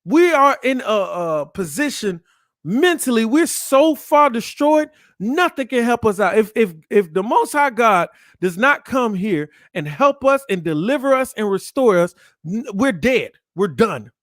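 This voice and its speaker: A man preaching from scripture in a high voice that swings widely up and down. He hammers his points with repeated rhetorical questions and sounds dry and close to the mic. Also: sing-song, measured pace, fairly bright tone, dry recording. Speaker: podcast host.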